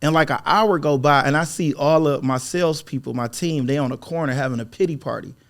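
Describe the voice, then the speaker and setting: A man tells a sales story as a podcast guest, rattling along quickly and checking in with "you know what I mean?". His voice sits a little high for a man. He is animated and colloquial, and he acts out the lines of the people in his story. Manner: animated storyteller acting out the dialogue. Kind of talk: casual storytelling interview.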